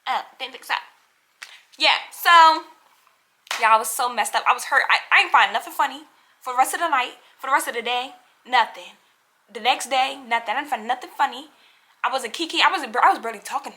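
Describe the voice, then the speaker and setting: Young woman vlogger, bright high-ish voice, animated storytime delivery, talks straight to the viewers. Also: brisk. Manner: acts out other people's lines in quotes. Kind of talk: storytime vlog.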